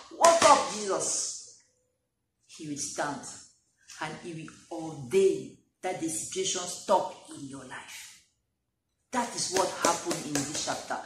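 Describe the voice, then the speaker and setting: A woman who is not a native English speaker preaches a sermon while she has a cold, repeating phrases and building to loud, pleading calls. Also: mid-range voice. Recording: echoey room, faint background noise.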